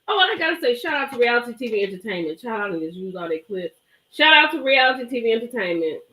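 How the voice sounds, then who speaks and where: Animated gossiping woman, roomy echo. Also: fairly high pitch, fast talker. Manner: animated, emphatic, chatty, greets viewers. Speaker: live stream host reviewing a reality show. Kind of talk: gossipy live stream commentary.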